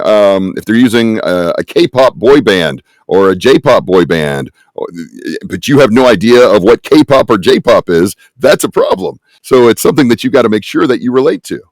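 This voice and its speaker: A man's voice: lowish voice, darkish tone, no echo. A man on a conference panel who casts games, speaking emphatically and conversationally, with rhetorical questions. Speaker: panelist, game casting producer.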